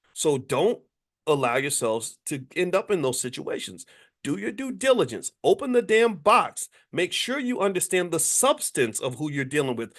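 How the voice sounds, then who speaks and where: A man's voice: medium pitch, a bit bright. A man in his fifties hosting a motivational livestream talk about money. He speaks emphatically, repeats phrases and checks in with his audience. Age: 50s. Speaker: host and finance educator.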